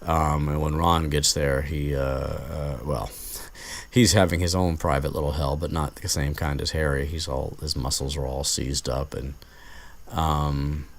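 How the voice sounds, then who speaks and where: A man's voice: rumbling low, level tone, unhurried. A man recapping a book chapter in a rambling, casual chat full of fillers and restarts. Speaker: podcast host recapping a book.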